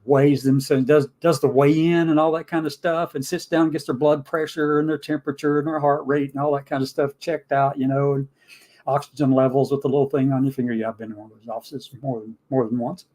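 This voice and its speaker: A man's voice: mid-range voice, little pitch movement, brisk, a little mellow. A man hosting a live news and talk stream, rambling, repeating himself and acting out the people in his stories. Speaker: host. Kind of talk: casual news commentary. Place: home studio, streamed live.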